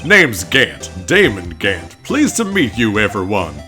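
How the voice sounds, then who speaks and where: A man doing a booming, folksy police chief with a southern drawl. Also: huge pitch swings, a little slow, pushed and bright, faint music behind, full character voice. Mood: jovial. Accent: American Southern (put on). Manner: folksy, booming, hands out nicknames. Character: jolly, overfamiliar middle-aged male police chief.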